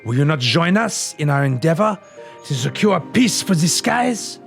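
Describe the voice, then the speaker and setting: A man's voice: a little high, big pitch swings, moderate pace, creaky, faint music behind, pitched above the performer's own voice. A man voicing a polite, formal and earnest cat-eared man with a mock French flair.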